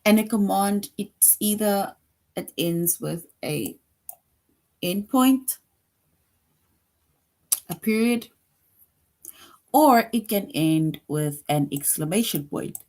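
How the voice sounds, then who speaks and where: A woman's voice: mid-range voice, expressive, a little mellow. A woman teaching an online grammar lesson to young children, patient and repetitive, often checking in with "right?". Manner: slow, patient, repeats points with frequent "right?".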